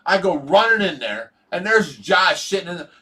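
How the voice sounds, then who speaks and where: Man, Ohio accent, livestream host, joking storyteller, bright tone. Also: sits high, sing-song, normal speed, a little hiss or hum. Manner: jokey storyteller, laughs often. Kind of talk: casual livestream banter.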